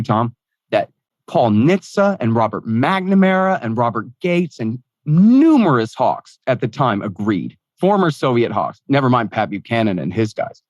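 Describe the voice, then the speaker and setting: A man's voice: medium pitch, big pitch swings, darkish tone, dry recording. Emphatic opinionated man, dry sound. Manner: emphatic, fast-flowing, opinionated. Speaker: guest. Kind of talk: casual interview talk.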